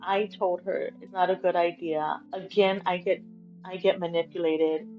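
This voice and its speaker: A woman's voice: on the low side, fairly even intonation, moderate pace, highs cut off, faint music behind. A middle-aged woman, a guest in an interview, tells a painful family story with feeling and often acts out past conversations. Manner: emotional, retells conversations by quoting them.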